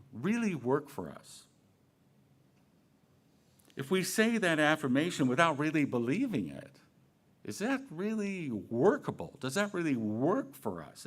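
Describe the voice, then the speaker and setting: Man, minister, sermon, conversational, playful, very animated pitch. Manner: conversational, playful, asks questions. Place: church sanctuary.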